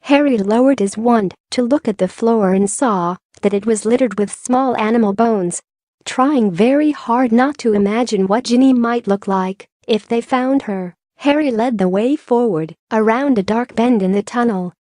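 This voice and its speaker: A woman reading an audiobook in measured, even storytelling narration. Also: on the high side, no echo. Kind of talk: scripted narration.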